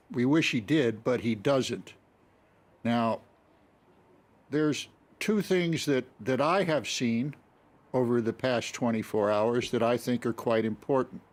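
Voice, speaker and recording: A man speaking as a guest analyst on a live news program, blunt and emphatic. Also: medium pitch.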